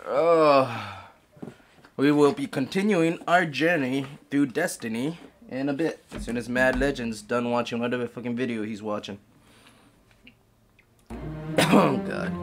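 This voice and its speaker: A man's voice: mid-range voice, unhurried, pauses often, over music. A man streaming a video game from home, chatting casually with a friend, joking and swearing, and scolding his dog between rounds. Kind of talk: casual gaming chat.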